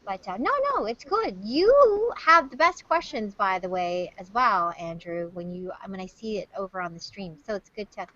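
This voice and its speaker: A woman hosting a casual video-call hangout, playful and quick to joke, heard through lo-fi call audio. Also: medium pitch, lively intonation, sharp tone, no echo. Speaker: host.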